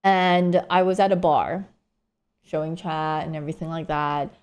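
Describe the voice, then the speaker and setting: A woman's voice: deep voice, fairly even intonation, unhurried, darkish tone, clear, resonant tone. Woman streamer telling a story. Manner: rambling, heavy use of "like" and "right?". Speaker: live streamer. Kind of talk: casual storytelling to chat.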